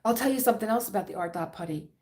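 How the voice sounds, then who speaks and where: On a diamond painting livestream, a middle-aged woman with a Philadelphia accent chats casually, rambling and laughing often. Her mid-range, darkish voice is animated and racing.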